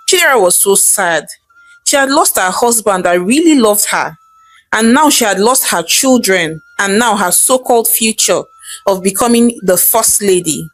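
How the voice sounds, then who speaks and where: A woman's voice: medium pitch, poor audio. Woman telling a folktale. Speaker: storyteller. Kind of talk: folktale narration.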